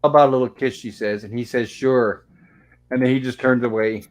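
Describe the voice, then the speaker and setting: A man's voice: medium pitch, fairly even intonation, a little fast, rough recording. A man hosting a casual online show, recapping an old sitcom episode and reading the characters' lines aloud in a chatty storytelling way. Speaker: host.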